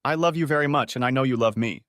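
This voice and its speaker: A man voicing a distraught, pleading middle-aged wife in an audio story, lifting his voice higher for her lines. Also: quick pace, fairly bright tone, dry recording, clean studio sound, close to an everyday voice.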